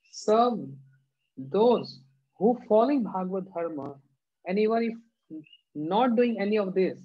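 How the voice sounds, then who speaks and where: A man giving a devotional sermon in measured, halting phrases, now and then chanting scripture verses in a sing-song. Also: high voice. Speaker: spiritual teacher giving a discourse. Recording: dull lo-fi recording.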